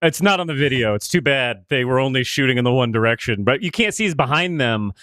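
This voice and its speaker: A man's voice: mid-range voice, lively intonation, fast, a bit bright, no room sound, studio quality. A man co-hosting a political talk podcast, trading jokes in loose, laughing banter. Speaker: podcast co-host.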